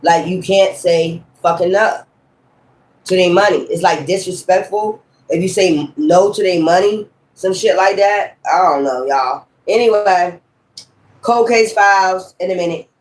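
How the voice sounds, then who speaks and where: A man's voice: sits high, measured pace. Profane, rambling man in an echoey room. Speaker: tarot reader. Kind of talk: casual tarot reading monologue.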